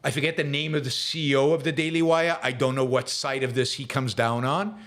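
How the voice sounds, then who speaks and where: A man's voice: medium pitch, fairly even intonation, fairly quick, fairly bright tone. A man hosting a live show, answering viewer questions with opinionated commentary, full of fillers and repeated words. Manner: emphatic, rising into heated ranting; hesitant fillers and repeated words when reflecting.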